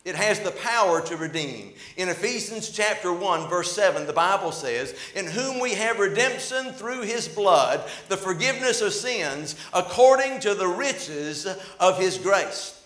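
Pastor, male, sermon with storytelling, rises to loud peaks and falls quiet, fairly high voice, echoing sanctuary. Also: expressive, unhurried, hardly any pauses. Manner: storytelling preacher, swells loud and drops soft. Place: church sanctuary. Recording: echoey church hall.

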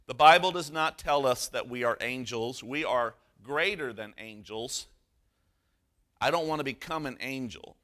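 A man preaching a sermon as pastor, earnest, slowing down for emphasis. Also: medium pitch, sharp tone.

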